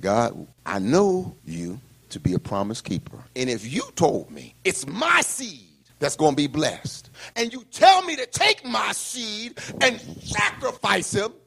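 A man preacher voicing the elderly Abraham, speaking boldly to God in high, excited, shouting bursts. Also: measured pace, gravelly, slightly rough, heavily acted. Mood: bold defiant.

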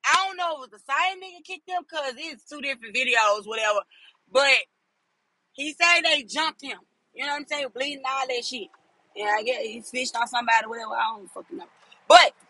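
A man giving a casual, profane opinion rant, often shouting for emphasis and asking "you know what I'm saying". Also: extremely high pitch, no echo, poor audio. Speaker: commentator.

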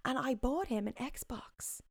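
Irish woman in her twenties, animated storyteller, higher voice, close dry mic. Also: slow, no room sound. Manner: animated storyteller, slips into whispers and put-on voices. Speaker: guest. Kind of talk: casual chat.

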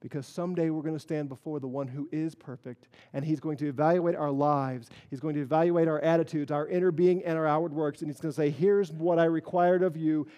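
A man preaching a sermon as pastor, earnest, moving between quiet solemn stretches and emphatic rises. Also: on the high side, steady tone, fast talker, hardly any pauses, in a large hall.

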